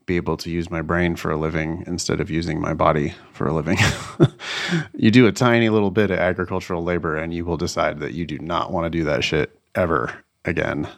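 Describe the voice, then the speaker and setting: A young man talking casually as a podcast co-host, relaxed and reflective, often laughing as he talks. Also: low-pitched, a little fast, vocal fry. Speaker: podcast co-host, LSAT tutor. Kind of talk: casual chat.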